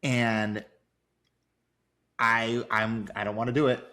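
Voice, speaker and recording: A man as a guest on a casual movie podcast, gushing and enthusiastic, halting with feeling. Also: medium pitch, flat delivery, pushed and bright.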